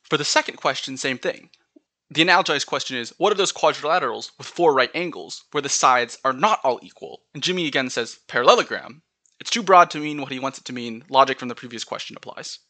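A man's voice: mid-range voice, animated, fast talker, sharp tone, no echo. A man with a General American accent hosting a solo podcast, chatting through word lists and spelling words out letter by letter. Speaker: podcast host.

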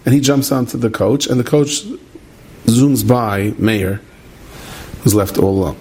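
A man telling a story in an animated way, repeating phrases for effect. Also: mid-range voice, measured pace, a little hiss or hum. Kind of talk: spoken storytelling.

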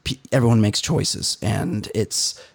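A man's voice: fairly low pitch, animated, unhurried, gravelly, breathy edge. Guy hosting a podcast, swears a lot, open and emotional, just chatting. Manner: candid, emotional, swears freely. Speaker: podcast host. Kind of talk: casual chat.

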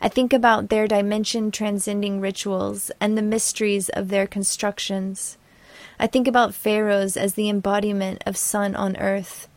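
A woman's voice: mid-range voice, no room sound. A woman reading her own sailing memoir aloud in a dreamy, poetic manner. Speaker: narrator.

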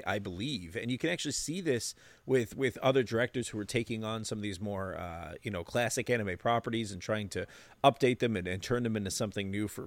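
A man co-hosting a casual podcast chat, hesitant, with many pauses and restarts, sometimes laughing. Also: lowish voice, no room sound. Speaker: podcast co-host.

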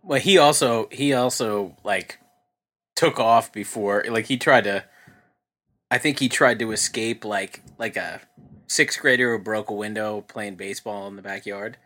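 Podcast cohost guy, bright sharp voice, jumps in with corrections and jokes. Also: lowish voice. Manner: chiming in with quick corrections and asides. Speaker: podcast co-host. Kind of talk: casual chat.

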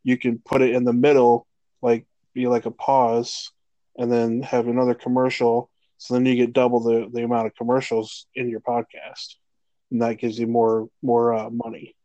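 A man in his thirties co-hosting a casual sports podcast, swearing freely and ranting with animated energy. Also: mid-range voice, normal speed, no echo, muffled recording. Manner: profane, animated rants. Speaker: podcast co-host.

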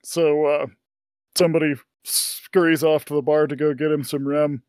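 A man narrating as game master of a tabletop game, relaxed and improvising. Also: fairly high pitch, normal speed, smooth, no echo, clean studio sound.

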